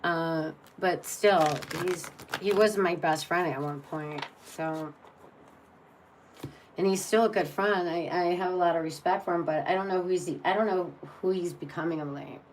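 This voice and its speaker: A woman's voice: on the low side, moderate pace, slight background noise, poor audio. A woman reading tarot on a live stream and chatting casually, blunt and exasperated, rambling with many restarts.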